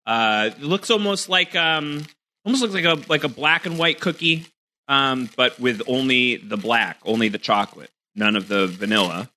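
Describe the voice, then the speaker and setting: Bright-voiced chatty man on a call. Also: medium pitch, moderate pace. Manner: chatty, self-mocking, thinks aloud with many fillers. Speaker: podcast co-host. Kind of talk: casual chat, snack taste test. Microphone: video call.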